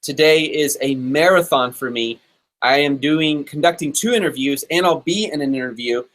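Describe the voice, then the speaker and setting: A man from Texas hosting a live interview show, talking in an upbeat, chatty way with quick asides. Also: fairly high pitch, a bit bright. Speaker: host.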